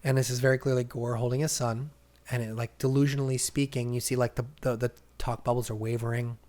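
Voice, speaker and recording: Animated young man retelling a comic. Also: medium pitch, fast. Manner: animated storyteller, acts out characters' lines. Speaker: podcast co-host. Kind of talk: casual comic-book recap chat.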